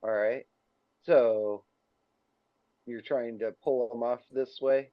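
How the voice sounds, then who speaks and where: A man's voice: medium pitch, steady tone, slow, no echo. Casual male dungeon master, dull dry sound. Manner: casual, laughing, matter-of-fact rulings. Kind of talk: running a tabletop game.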